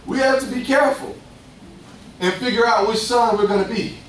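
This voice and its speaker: A young man preaching a lively, conversational sermon, acting out voices and laughing often. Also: very high-pitched, moderate pace, slight background noise. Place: church. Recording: echoey distant room sound.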